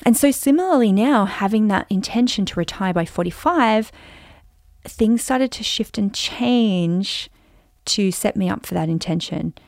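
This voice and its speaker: Woman, 40s, podcast host, gravelly, chatty and animated storytelling. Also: medium pitch, a little slow, no room sound, clean studio sound. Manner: chatty, animated, with fillers and acted-out reactions. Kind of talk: personal storytelling monologue.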